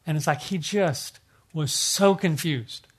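A man's voice: fairly high pitch, slow, breathy edge. A middle-aged male pastor preaching a sermon in an earnest, conversational way, often restarting his phrases.

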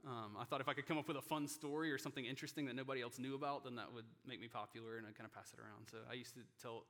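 A pastor preaching a sermon in an earnest, personal way, growing emotional and sinking to a hushed near-whisper at tender moments. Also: male voice, mid-range voice, steady tone, racing, in a large hall. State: emotional, choking up. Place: church sanctuary.

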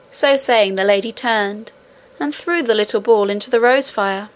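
A woman reading a children's story aloud in a gentle, carefully paced way. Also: mid-range voice, moderate pace, hardly any pauses. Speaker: audiobook narrator.

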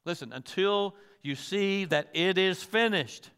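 Preacher guy, high bright voice, asks the crowd loads of questions, acts out quotes. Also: a little slow, clear, resonant tone, in a large hall. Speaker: pastor. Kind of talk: sermon.

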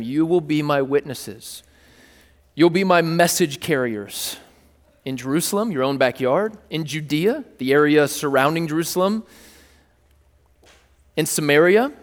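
A man preaching a sermon to a congregation, playful and animated, joking with the crowd between scripture readings. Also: a little high, long reverb tail. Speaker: pastor. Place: church hall with a live audience.

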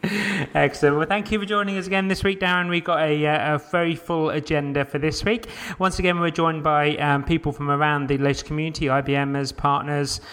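Male podcast host, slightly higher voice, brisk and upbeat. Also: fairly even intonation, a bit bright, clean tone. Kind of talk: casual roundtable podcast hosting.

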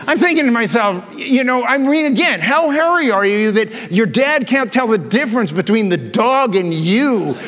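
A man preaching a sermon, telling animated stories and laughing at his own jokes. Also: high voice, measured pace. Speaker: pastor. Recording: long reverb of a large hall.

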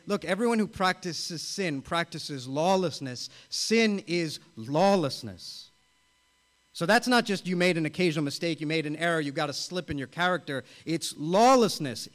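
Emphatic high-voiced male pastor preaching. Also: normal speed. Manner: emphatic, building to excited exclamation; earnest teaching tone, repeating key phrases. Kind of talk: sermon.

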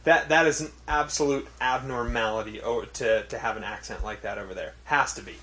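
A male podcast host chatting casually. He talks haltingly and restarts often, in an ordinary mid-range voice. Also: medium pitch, a bit bright. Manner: hesitant, lots of ums and restarts. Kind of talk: casual chat.

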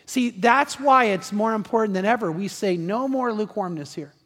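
A high-pitched man preaching in an earnest, repetitive way, often turning to the congregation with questions. His voice rings through a large, reverberant church hall with a long tail. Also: normal speed, a bit bright. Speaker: pastor. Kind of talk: sermon.

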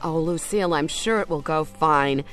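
A woman acting a supportive mother who gently encourages her nervous daughter. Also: low voice, normal speed, soft background music, lightly acted. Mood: encouraging. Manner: warmly encouraging. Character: supportive mother of a teen girl. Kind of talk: radio drama acting.

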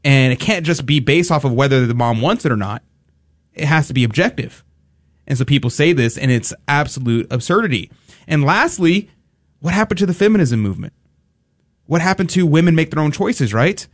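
A man's voice: fairly high pitch, animated, fairly quick, dry recording, studio quality. A man hosting a talk radio show, arguing emphatically and acting out mocking quotes.

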